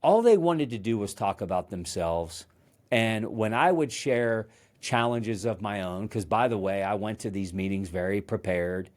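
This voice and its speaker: A man's voice: fairly low pitch, lively intonation, measured pace, a little mellow. A man hosting a motivational solo talk, speaking conversationally and emphatically, with frequent restarts. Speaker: host.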